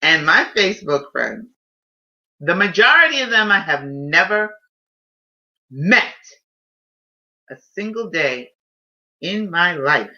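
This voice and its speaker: A woman's voice: on the low side, bright, forceful tone. A woman hosting a casual live stream, telling a personal story in an emotional, heartfelt way. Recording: dull lo-fi stream audio.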